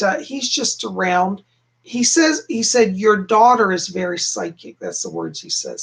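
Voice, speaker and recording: Gravelly-voiced man giving psychic readings. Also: high-pitched, fairly bright tone. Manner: chatty, reassuring, addresses viewers as hon and darling. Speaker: psychic reader, host. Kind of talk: live-stream psychic readings to viewers.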